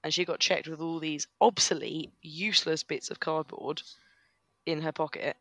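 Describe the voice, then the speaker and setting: A man chats on a podcast, crude and quick to react, leaning on "like." His voice is fairly high and gravelly, with a tense, bright edge. It is recorded dry and close. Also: steady tone, no echo. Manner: crude, reactive, says "like" a lot. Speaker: podcast co-host. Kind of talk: casual chat.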